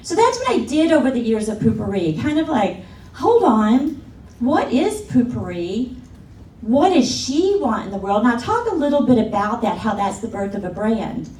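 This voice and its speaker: A middle-aged woman gives a keynote talk from the stage, with a high voice that swoops and leaps as she tells her story. She acts out the people she quotes and laughs along. The sound is roomy and distant, with a faint hum of the hall behind her. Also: very animated, moderate pace, a little mellow. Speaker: keynote speaker. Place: large conference hall. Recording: echoey hall from afar, faint room noise.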